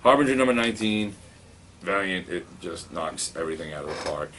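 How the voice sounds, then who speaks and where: Deep-voiced, rambling comic shop reviewer guy. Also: animated, a little fast, fairly bright tone, a little hiss or hum. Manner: rambling and wry, with many fillers and restarts. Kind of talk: casual review chat. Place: comic book store.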